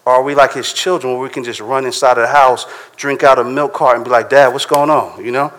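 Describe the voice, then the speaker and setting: Casual preacher in a reverberant hall. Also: male voice, mid-range voice, level tone, fast talker, fairly bright tone. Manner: casual, conversational preaching with frequent "right?". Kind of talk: sermon.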